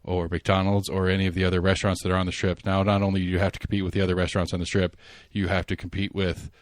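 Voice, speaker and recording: A man hosts a casual podcast chat. He rambles and restarts, animated, with plenty of fillers. The sound is dry and close. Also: deep voice, rapid-fire, no room sound. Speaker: podcast host.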